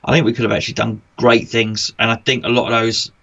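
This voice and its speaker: A man's voice: lowish voice, flat delivery, fast talker, vocal fry, a bit bright, husky, dull audio. A man co-hosting a casual podcast chat, jokey and playful. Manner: jokey, playful, laughs often. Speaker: podcast co-host.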